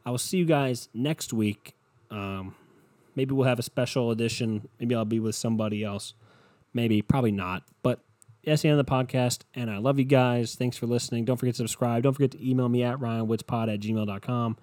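A man's voice: medium pitch, steady tone, fairly quick, darkish tone, no echo. A young adult man hosting his own podcast alone, rambling casually with profanity and sarcasm and acting out quoted voices, sounding worn out. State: tired, worn out. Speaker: solo podcast host.

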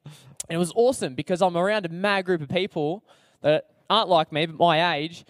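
Speaking to an audience, a young Australian man tells his testimony in a chatty, slangy style, full of fillers and self-deprecation. His voice is high and fairly quick, captured in clean studio sound without echo.

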